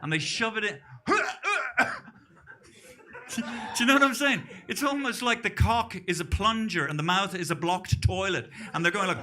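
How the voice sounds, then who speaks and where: A man's voice: sits high, sharp tone. A middle-aged Irish man doing a rambling, self-deprecating stand-up set on a club stage, often trailing off into mumbles. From Ireland. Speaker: stand-up comedian.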